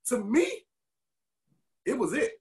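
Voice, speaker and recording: A man from Detroit, a podcast co-host and former wrestler, telling candid stories in an animated, emotional way. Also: very high voice, slow, roomy sound. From Detroit, USA. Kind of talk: candid storytelling interview.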